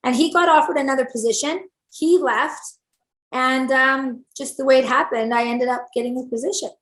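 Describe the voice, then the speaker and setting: Animated woman telling stories in a roomy space. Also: high voice, normal speed. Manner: animated, acts out quoted dialogue. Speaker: salon owner and stylist, guest. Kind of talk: storytelling interview. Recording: roomy echo.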